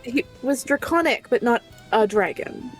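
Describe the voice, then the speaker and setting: A woman's voice: a little high, animated, measured pace, soft background music, rough recording. A woman playing in a tabletop game, talking casually, blunt and swearing a lot. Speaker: player.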